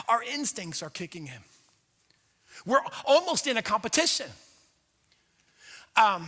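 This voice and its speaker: A man preaching a sermon as pastor, conversational and animated, acting out inner voices. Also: very high-pitched. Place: church sanctuary. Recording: long hall reverb.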